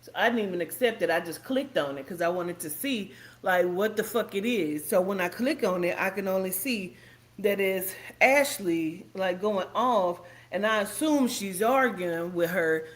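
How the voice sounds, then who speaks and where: A woman's voice: medium pitch, normal speed. A woman livestreaming, commenting in a profane, heated rant.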